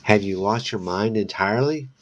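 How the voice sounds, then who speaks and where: A man's voice: lowish voice, moderate pace, muffled recording, lightly acted. A man voicing a worried teenage boyfriend. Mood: startled. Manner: anxious, urging.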